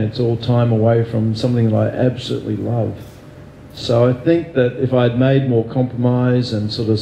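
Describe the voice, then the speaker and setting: A man's voice: mid-range voice, vocal fry, mellow, echoey room, a little hiss or hum, rough recording. An Australian man speaking as an interview guest, candid and self-deprecating, thinking aloud with fillers and restarts. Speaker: guest neurosurgeon.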